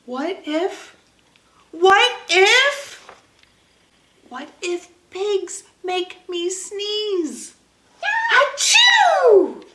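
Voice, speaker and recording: Gerald is a big, worried elephant who turns everything into a drama, as a woman reading aloud puts him on, and his lines swoop up and down with halting, sneezy pauses. He takes his time over every word. An echoey room rings around him. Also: very high voice, animated, sharp tone, a little hiss or hum, voice pushed up, exaggerated voice. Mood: fretful. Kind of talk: picture-book read-aloud.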